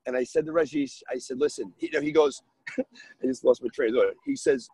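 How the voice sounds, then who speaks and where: Man from New York spinning a deal story on a podcast, animated and gravelly, a bit raised in pitch. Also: quick pace, no room sound, low-quality recording. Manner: animated, acts out dialogue in his story. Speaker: guest real estate investor.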